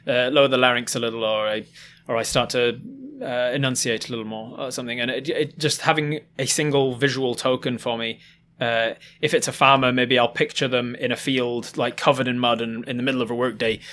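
Chatty man, animated and quick. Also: medium pitch, a little hiss or hum. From Yorkshire, England. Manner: chatty and animated, quick asides, laughs at himself. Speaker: guest, professional game master and voice actor. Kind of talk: casual podcast chat.

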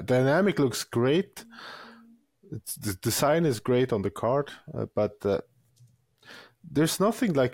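A man's voice: mid-range voice, darkish tone, no room sound. A man co-hosting a casual podcast chat, talking hesitantly and searching for his words. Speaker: podcast co-host.

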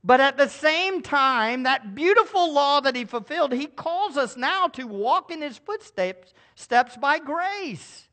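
Emphatic, animated male preacher. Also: very high voice, measured pace, hardly any pauses. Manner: emphatic preaching with call-and-response to the congregation. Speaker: pastor. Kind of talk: sermon. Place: church service with a congregation.

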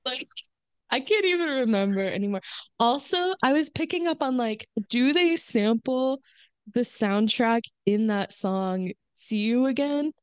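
Smooth-voiced woman podcast co-host. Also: a little high, a little slow, no echo. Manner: animated, acts out quoted lines. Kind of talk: casual chat.

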